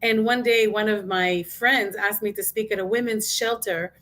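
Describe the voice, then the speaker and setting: A woman's voice: mid-range voice, steady tone, normal speed, fairly bright tone. A middle-aged woman, a business coach and guest speaker, telling her life story in an interview with emotion and acted-out quotes.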